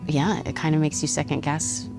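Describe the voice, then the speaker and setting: A woman's voice: low voice, flat delivery, normal speed, music in the background. A woman from Texas, a voice actress, chatting animatedly over a meal as a guest in a studio kitchen and laughing often. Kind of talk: casual interview over a meal.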